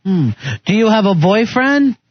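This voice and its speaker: A man hosting a radio show in a fairly high voice, teasing callers with playful questions in loose, casual banter. The recording sounds dull and lo-fi. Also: animated, a little slow.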